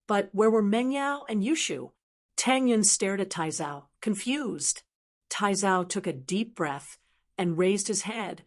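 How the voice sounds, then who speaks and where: A woman narrating a web novel audiobook with a steady, even reading. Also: mid-range voice.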